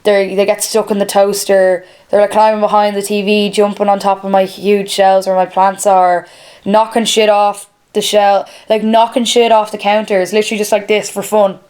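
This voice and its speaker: A woman's voice: mid-range voice, flat delivery, moderate pace, a little mellow. A woman in her twenties, vlogging at home in casual, rambling chat with a candid manner and free swearing.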